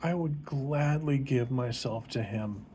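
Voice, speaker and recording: A man voicing a starstruck teenage sister who gushes in a slow, swooning way. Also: medium pitch, mellow, a little hiss or hum, pitched above the performer's own voice, lightly acted. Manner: gushing, drawn-out and swooning.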